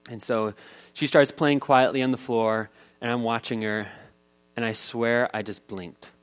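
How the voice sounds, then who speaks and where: Pastor, male, 30s, mid-pitched voice, chatty storytelling sermon. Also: fairly even intonation, measured pace, clear, resonant tone. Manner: conversational storytelling, voice rising with the tension of the story.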